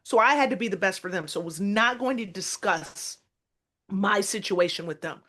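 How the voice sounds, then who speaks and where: A woman coach talking candidly in an interview, her voice at a middle pitch for a woman. She tells her story with emphasis, stressing key phrases and often quoting what she once said. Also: animated, moderate pace, pushed and bright. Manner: emphatic, quotes her own past words. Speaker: basketball coach, interview guest.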